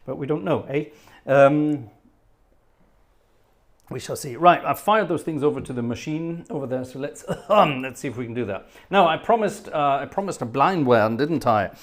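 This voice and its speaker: A man's voice: mid-range voice, expressive, normal speed. A man in his fifties hosting a live stream as an organist, chatting casually and reading out viewer messages with wry, rambling asides. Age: 50s. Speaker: livestream host and organist.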